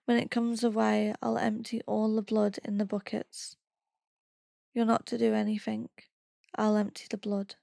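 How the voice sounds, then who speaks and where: A woman's voice: mid-range voice, completely flat delivery, normal speed, gravelly, dark tone, no room sound, studio quality. A woman reading a blunt, frightened man. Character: gruff man, her partner, blunt and frightened.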